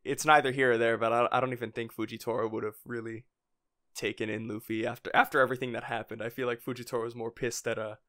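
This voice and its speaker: A man's voice: mid-range voice, level tone, fast, bright, forceful tone. A man co-hosting a casual fan podcast, rambling through his points with lots of "like" fillers and frequent chuckles. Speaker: podcast co-host.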